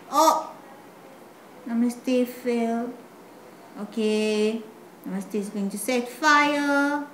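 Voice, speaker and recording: A woman hosting a toy play channel, narrating the toys' actions in a bright, sing-song way. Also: a little high, drawn-out words, long pauses, slight background noise. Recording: roomy with background music.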